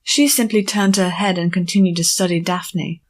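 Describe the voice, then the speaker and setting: A woman narrating an audiobook chapter in a measured storytelling manner. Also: lowish voice, steady tone. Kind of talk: scripted narration.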